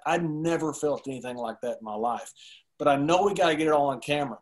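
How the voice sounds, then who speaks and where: A man with a somewhat high voice tells a story as a guest in a podcast interview. He gets animated and laughs as he goes, keeping up a lively storytelling flow. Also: fast talker.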